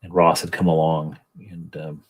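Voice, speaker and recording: Middle-aged man, deep husky voice, rambling, self-deprecating chat, livestream host. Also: flat delivery, normal speed, poor audio. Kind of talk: casual chat while painting miniatures.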